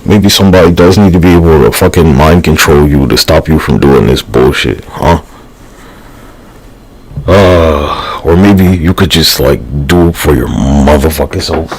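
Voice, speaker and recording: Very deep, gravelly, slow-talking man. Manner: meandering, profane, slangy, with frequent sighs and fillers. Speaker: livestreamer. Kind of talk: rambling livestream monologue.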